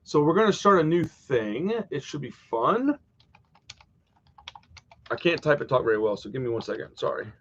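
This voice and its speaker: A man's voice: fairly high pitch, very animated, moderate pace, pauses often, a bit bright, dull audio, a little hiss or hum. A man hosting a horror live stream, chatting casually and wandering off topic from home. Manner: rambling, easily sidetracked, chatty.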